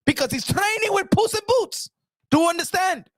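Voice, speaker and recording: A man's voice: extremely high pitch, expressive, fairly quick, no echo. A man doing a comic impression of a scheming, bossy middle-aged boxing promoter who barks demands and repeats himself. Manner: demanding, repeats questions, bursts into shouts.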